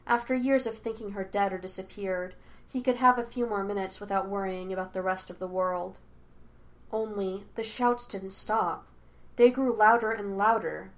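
A woman reading fan fiction aloud as an audiobook, measured and expressive. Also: mid-range voice. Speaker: podfic reader.

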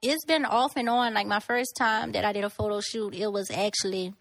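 A woman's voice: medium pitch, steady tone, a little fast, gravelly, a bit bright, no room sound, clean studio sound. A woman in her thirties from Lafayette, chatting candidly as a guest model and laughing often. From Lafayette, Louisiana. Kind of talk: casual podcast chat.

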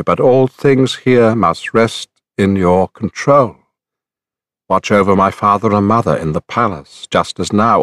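A warrior king gives gentle, grave parting words, as a man reads them. The voice is low and close, and the sound is dry. He speaks steadily. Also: no room sound.

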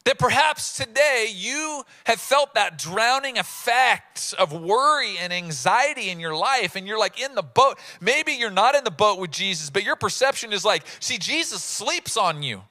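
A man preaching a sermon in a lively, casual way, acting out bits of the story in voices. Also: high-pitched, normal speed, hardly any pauses. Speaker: pastor.

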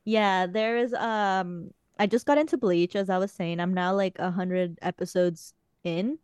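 Young woman gabbing on a podcast, smooth clear voice, dry close sound, swears now and then. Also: fairly low pitch, measured pace, a little mellow, no room sound. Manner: chatty storytelling, frequent swearing. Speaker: podcast host. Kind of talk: casual chat.

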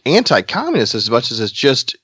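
A man co-hosting a movie podcast in casual chat, wry and halting with many restarts. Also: medium pitch, wildly swooping pitch, sharp tone, slightly rough, no room sound. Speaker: podcast co-host.

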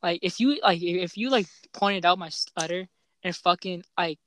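A man's voice: high-pitched, normal speed, a bit bright. A young man who stutters, hosting a casual chat and telling profane, laughing stories full of fillers. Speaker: podcast host.

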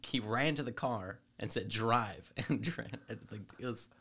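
A young man co-hosting a podcast in a studio, telling stories in a relaxed, halting way. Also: medium pitch, background noise. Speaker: podcast co-host. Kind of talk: casual chat.

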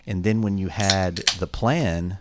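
A man's voice: deep voice, slow, background noise. A man hosting a casual conversation, supportive and chiming in with short responses. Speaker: host.

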